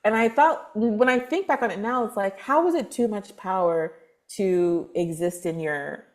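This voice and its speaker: Woman on a podcast telling her story, chatty, lots of likes and restarts, gets animated. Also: mid-range voice, normal speed. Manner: animated, acts out quoted dialogue with laughs; loose, filler-heavy talk with restarts. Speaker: guest, spiritual advisor. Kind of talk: casual storytelling interview.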